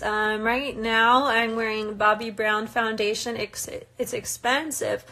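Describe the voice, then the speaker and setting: Slow-talking young woman chatting casually. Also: a little high, fairly bright tone. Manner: reads questions aloud then answers chattily, laughing often. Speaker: reality show cast member answering viewer questions. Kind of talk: casual live Q&A chat.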